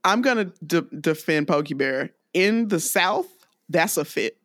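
Animated, laughing Southern woman. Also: on the low side, a little slow, dry recording, studio quality. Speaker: podcast co-host. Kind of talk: casual movie review chat.

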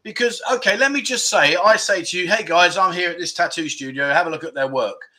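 English guy rambling thru his livestream chat, kinda high bright voice, laughs at himself. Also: brisk. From England. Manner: chatty, rambling, self-deprecating. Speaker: livestream host. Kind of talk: casual live chat reading viewer comments. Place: indoors at home.

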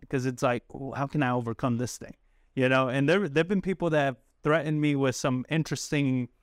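A man coaching cold callers in a casual, talkative way who laughs often and acts out calls in a soft apologetic voice. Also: on the high side, no echo, studio quality. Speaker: sales coach. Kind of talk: coaching talk to camera.

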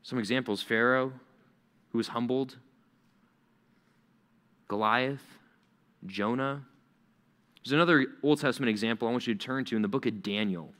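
Bright-voiced male preacher. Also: mid-range voice, normal speed, long pauses. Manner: conversational, emphatic with repetition. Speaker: pastor. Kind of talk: sermon.

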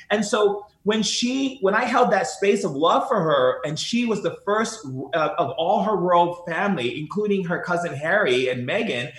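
A man's voice: sits high, normal speed, few pauses. Earnest spiritual guest, male, lighter voice, roomy echo. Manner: earnest, animated storytelling, repeats phrases. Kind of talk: spiritual conversation.

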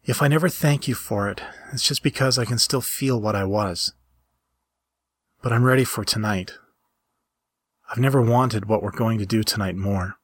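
A man reading a story aloud and voicing an earnest young woman who once was powerful, speaking in a soft, halting, confiding way. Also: lowish voice, breathy edge, no echo.

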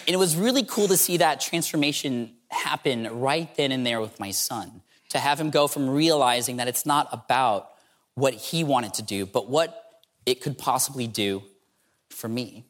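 A man's voice: mid-range voice, normal speed, a bit bright. A man giving a humorous storytelling talk as a speaker at an entrepreneurship event, playfully acting out dialogue as he tells it. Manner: playful, acts out dialogue in the telling.

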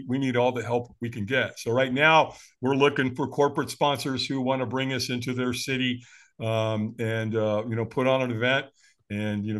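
Bright-voiced man in his sixties. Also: mid-range voice. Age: 60s. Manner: acts out quoted voices, laughs often. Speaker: guest. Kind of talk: animated storytelling interview.

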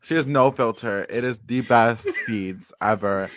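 A co-host in a casual chat recap, playful and quick to laugh, reading from the chat. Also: mid-range voice.

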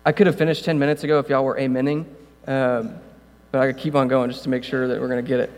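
A male pastor giving a casual sermon, talking conversationally with jokey asides and building to loud, passionate preaching. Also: medium pitch, little pitch movement, fast. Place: church room. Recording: long hall reverb, mains hum.

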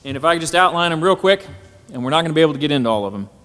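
A man preaching a sermon at a symposium, often pausing on "Amen" and building to emphatic, climbing phrases. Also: on the high side, expressive, fairly bright tone. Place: hall at a symposium. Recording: echoey hall.

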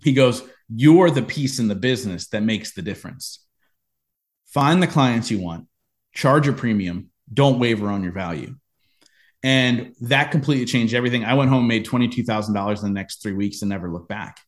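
A man in a podcast interview, telling a personal business story with lively acted-out quotes. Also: mid-range voice, normal speed. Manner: animated storyteller, acts out quoted lines. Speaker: podcast guest, entrepreneur.

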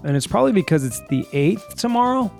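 Podcast host guy, gravelly, kinda high, rambles and jokes around, dry sound. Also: sing-song, quick pace, a little mellow, soft background music. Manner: rambling, jokey storytelling. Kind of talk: casual chat.

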